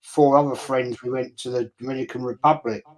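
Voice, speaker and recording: A man's voice: mid-range voice, steady tone, a little fast, a little mellow. A middle-aged man, a guest on a live stream, telling a rambling travel story in casual chat with some swearing.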